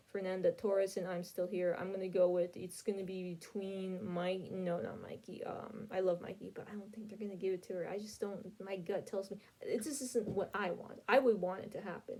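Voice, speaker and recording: A woman's voice: medium pitch, mellow, low-quality recording. A woman hosting her own podcast, chatting casually and opinionatedly as she reacts to award nominations and corrects herself as she goes. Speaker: podcast host.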